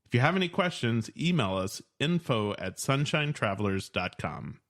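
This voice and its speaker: Guy hosting a travel podcast, upbeat promo read, medium pitch. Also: very animated, normal speed, fairly bright tone. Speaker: podcast host. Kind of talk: ad read and interview questions.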